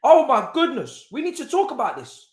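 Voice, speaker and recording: A man's voice: very high voice, wildly swooping pitch, normal speed, reverberant. A young man, hosting a live football watchalong, exclaiming and swearing as he reacts.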